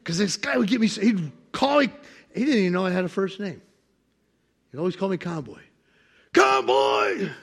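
A middle-aged male pastor preaches in a high voice with plenty of gravel and fry. He tells stories from his own life, acts out the other voices in them, and swings between quiet asides and loud, urgent preaching. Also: expressive, brisk, pauses often. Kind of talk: sermon with personal stories.

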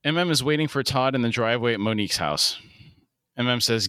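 A man's voice: medium pitch, fast, clean tone, no room sound, clean studio sound. A man co-hosting a podcast, reading out an episode recap. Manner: steady read-aloud narration. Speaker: podcast co-host.

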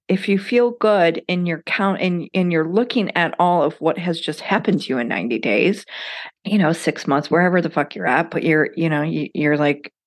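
A woman in her thirties hosting a podcast, talking casually and bluntly and swearing freely. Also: low-pitched. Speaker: podcast host. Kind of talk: casual solo podcast talk.

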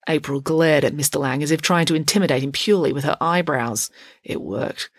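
A woman narrating a children's storybook with a wry, expressive reading. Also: deep voice, brisk, no room sound.

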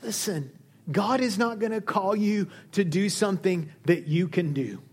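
A man preaching a sermon as a pastor, animated, acting out the dialogue he quotes. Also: unhurried, breathy edge. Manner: lively, acts out quoted dialogue with shifting pitch. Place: church hall.

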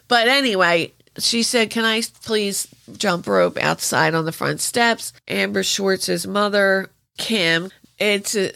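A woman's voice: lowish voice, gravelly, fairly bright tone, no room sound. A middle-aged woman casually retelling a true crime case, chatty and given to emotional asides.

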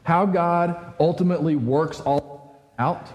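A man's voice: on the high side, takes it slowly, a little mellow, big-room sound. A man giving a casual, conversational sermon as a pastor, talking with many fillers and restarts.

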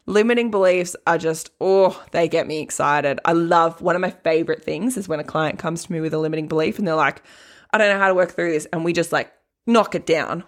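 A woman coach talks her way through a laid-back podcast monologue, chatty and laughing often, with "like" scattered all through her speech. Her voice sits slightly low for a woman.

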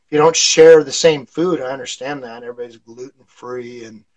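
A man's voice: mid-range voice, brisk, darkish tone, poor audio. A man being interviewed on a casual podcast, telling stories in a rambling way with lots of fillers and chuckles. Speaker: podcast guest, fire instructor.

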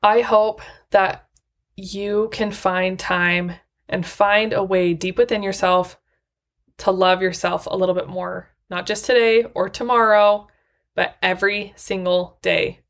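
A woman's voice: mid-range voice, steady tone, unhurried, fairly bright tone. Earnest woman hosting a podcast. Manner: earnest, encouraging, speaks straight to listeners. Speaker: podcast host. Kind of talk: solo motivational podcast talk.

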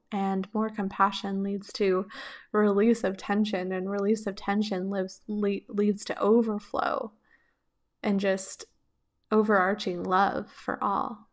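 A woman hosts a solo advice podcast in a calm, reflective voice of middling pitch. She talks in a gentle coaching tone and lets light laughs slip in between her thoughts. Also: unhurried. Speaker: podcast host.

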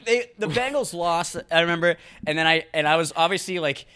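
A man's voice: on the high side, animated, brisk, bright, forceful tone, clear, resonant tone. A man from New England co-hosting a casual podcast, rambling with lots of hesitations and restarts. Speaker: podcast co-host.

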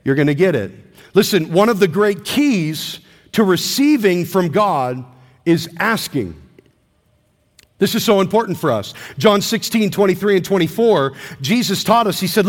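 High-voiced pastor guy preaching, swoops all over, call and response stuff, echoey church. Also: very animated, moderate pace. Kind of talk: sermon.

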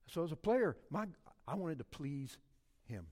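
A middle-aged Louisiana man preaches a sermon and shares personal stories, moving from quiet, low stretches up to loud, passionate peaks. His delivery is expressive and fairly quick, with a long reverb tail trailing behind.

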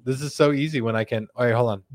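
A man's voice: mid-range voice, no room sound, studio quality. Chatty male stream host. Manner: chatty, animated, fast and slow in turns. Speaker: show host. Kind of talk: live-stream chat, reading viewer comments.

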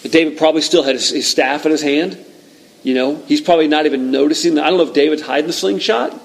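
A man preaching a sermon, retelling a scripture story in an animated, conversational way with frequent restarts. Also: on the high side, fast, creaky, low-quality recording.

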